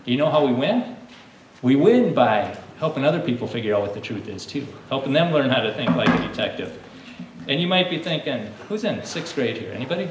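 A man leading a lively lesson for a room of children, coaxing them to call out answers like a coach. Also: medium pitch, a little fast. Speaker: children's teacher. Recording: echoey room, distant mic, faint hum.

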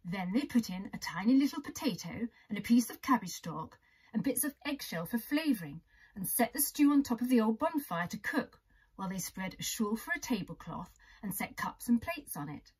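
A woman reading a children's storybook aloud in a gentle, expressive way. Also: on the high side, normal speed, slightly rough.

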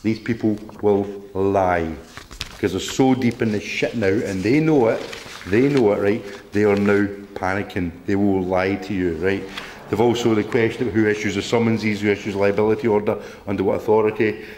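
A man with a fairly low voice gives a talk to a local group. He is indignant and rambling, doubling back on his words and reading out bits of letters between his complaints. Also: steady tone, normal speed, a little mellow, slight background noise. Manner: indignant, rambling, repeats himself, reads letters aloud. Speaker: presenter.

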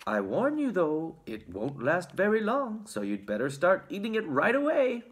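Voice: mid-range voice, wildly swooping pitch, normal speed, voice pushed up. A storybook reader voicing Mr Wonka, an eccentric confectioner who gives a matter-of-fact warning.

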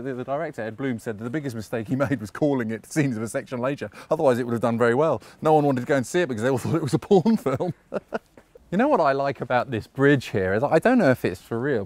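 A man's voice: mid-range voice, darkish tone, dry recording. A man chatting casually as he leads a walking tour outdoors, full of anecdotes and frequent chuckles. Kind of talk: casual guided walk narration. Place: outdoors on a park walk.

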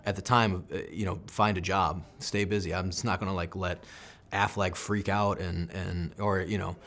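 A man's voice: sits low, flat delivery, moderate pace, fairly bright tone. An American man in his thirties, a military veteran, telling an intense first-person combat story in an interview, acting out what people said. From United States. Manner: intense first-person combat recounting, acts out quoted lines.

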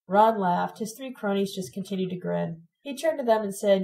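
A woman reading a first-person story told in letters, in a steady, plain storytelling manner. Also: medium pitch, brisk, creaky, few pauses, low-quality recording. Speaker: audiobook reader.

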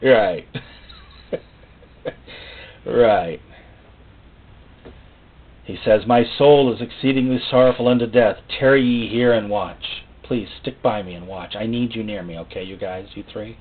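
A man preaching a sermon in a folksy, joking way, acting out little voices and rising suddenly to loud, high outbursts. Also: a little slow, pauses often, husky. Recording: tinny phone-like sound.

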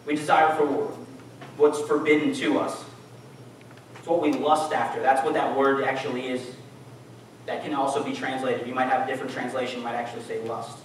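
This man's sermon is casual and conversational, with questions tossed to the audience, though his medium-pitched voice stays flat at a normal pace. A far-off mic in the echoing church hall also catches slight background noise.

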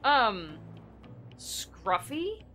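A woman's voice: a little high, wildly swooping pitch, drawn-out words, pushed and bright, faint music behind. A young woman streaming a game, chatting casually with viewers, giggly and thinking aloud. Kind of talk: casual gameplay chat.

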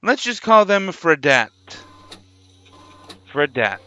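High, bright man chatting over gameplay. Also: big pitch swings, takes it slowly. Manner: chatty, muses aloud, jokey asides. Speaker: gaming channel host. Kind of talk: casual gameplay commentary.

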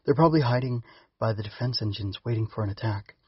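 A man voicing a gentle, cautious young bug boy. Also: fairly low pitch, slightly rough, no room sound, highs cut off. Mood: hushed. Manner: soft-spoken, measured. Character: young male growbug, gentle, hesitant, cautious.

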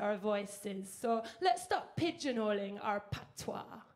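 A woman's voice: medium pitch, lively intonation, slow, few pauses, darkish tone. A woman performing spoken-word poetry live on stage, with a rhythmic, rhyming delivery and playful asides. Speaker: performance poet. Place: live stage before an audience.

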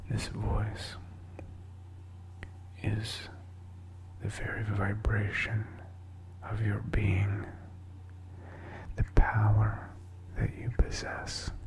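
A man whispering a spiritual talk to the listener in a very slow, soothing hush. His voice sits low and gravelly, with a fairly flat melody. The delivery stays calm and intimate throughout. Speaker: host.

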